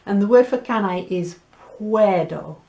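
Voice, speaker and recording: A woman teaching Spanish vocabulary, explaining words patiently and sounding them out slowly and playfully. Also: medium pitch, lively intonation, gravelly, mellow. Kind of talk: language lesson.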